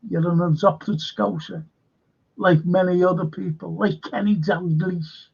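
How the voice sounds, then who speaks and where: A man's voice: high voice, fairly even intonation, unhurried, vocal fry, darkish tone, husky, highs cut off. An older man with a Liverpool accent hosting a livestream, chatting casually and rambling through anecdotes while reading out viewer comments. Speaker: livestream host.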